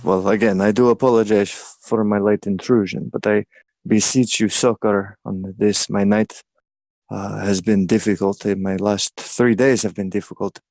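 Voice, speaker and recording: A man's voice: sits low, flat delivery, a little slow, gravelly, long pauses, no room sound. A man voicing a tired traveling lord who speaks in old-fashioned, courtly language. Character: courtly male lord, weary traveling noble.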